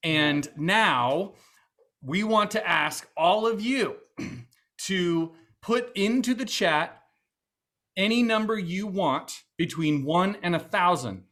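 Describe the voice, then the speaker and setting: Man, Boston accent, event host, bright voice, chatty, upbeat, filler words, video call. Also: sits high, takes it slowly. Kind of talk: virtual fundraiser hosting.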